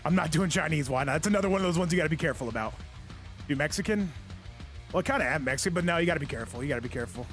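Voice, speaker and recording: A man's voice: a little high, animated, rapid-fire, fairly bright tone, soft background music. A man hosting and commentating a fighting game stream in a casual, joking, rambling way, talking straight to his chat.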